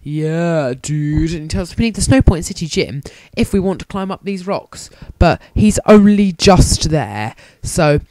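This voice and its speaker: A man's voice: high-pitched, lively intonation, moderate pace, few pauses, a little mellow, no echo. A young man giving jokey, rambling, self-mocking commentary on a handheld game he is playing. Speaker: let's play commentator.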